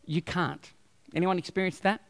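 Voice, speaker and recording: A pastor delivers his sermon in a strikingly high, bright voice. He tells stories with animated humor, and the sound carries a long hall reverb. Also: normal speed, vocal fry.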